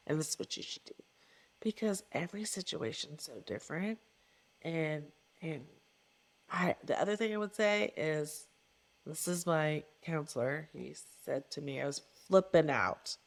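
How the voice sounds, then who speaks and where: A woman's voice: low-pitched, gravelly. A middle-aged woman, a coach, speaking as a guest in an interview with an earnest, emphatic manner and repeated phrases for stress. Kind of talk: reflective interview conversation.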